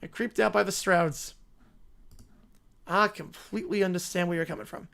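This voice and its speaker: A man's voice: normal speed, gravelly. A man hosting a sports livestream, chatting casually and reading viewer messages. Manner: relaxed, low-key, reading chat messages. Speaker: livestream host. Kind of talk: casual live-stream chat.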